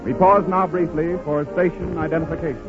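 A man reading a scripted sponsor announcement as a radio announcer, in an upbeat pitchman delivery. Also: fairly even intonation, fairly quick. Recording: tinny 1930s radio broadcast with music behind.

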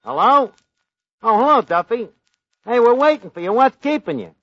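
A man's voice: very high-pitched, big pitch swings, normal speed, a bit bright, dry recording, lo-fi sound, full character voice. An actor playing a wisecracking male tavern manager with bad grammar, in 1940s radio comedy. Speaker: host. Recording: old radio broadcast with live audience laughter.

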